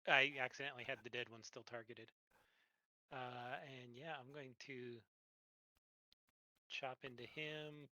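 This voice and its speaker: A man plays in a tabletop game, speaking in a casual, blunt manner and swearing easily. His voice sits at an everyday middle pitch. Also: steady tone, unhurried, pauses often, bright, forceful tone, no echo, rough recording. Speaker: player.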